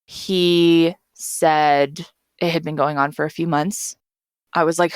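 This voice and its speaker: A woman's voice: low voice, flat delivery, moderate pace, smooth, no room sound, clean studio sound. A young woman frankly telling her own story as a podcast guest, blunt and swearing freely. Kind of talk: candid first-person storytelling.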